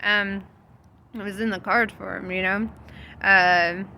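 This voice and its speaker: A woman's voice: medium pitch, level tone, takes it slowly, sharp tone, a little hiss or hum. A young woman vlogging about faith in a casual, loose storytelling monologue, laughing often and swearing freely. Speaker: spiritual vlogger.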